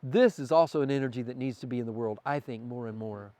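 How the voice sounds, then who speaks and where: As a guest in a casual podcast conversation, a man speaks earnestly and spiritually, occasionally stammering while he thinks out loud. His voice is medium-pitched with a darkish tone, he talks fast, and there's no echo.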